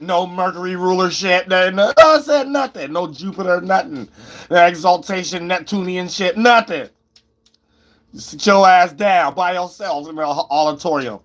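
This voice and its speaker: Male tarot reader on a livestream, slightly high voice, rambling, profane, erratic. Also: moderate pace. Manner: rambling, profane, with sudden shouts and wild swings.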